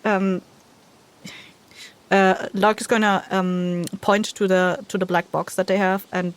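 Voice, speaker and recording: A woman's voice: medium pitch, level tone, slow pace. A woman playing a tabletop game, speaking hesitantly with stumbles and frequent laughs. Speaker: player. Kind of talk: casual tabletop game play.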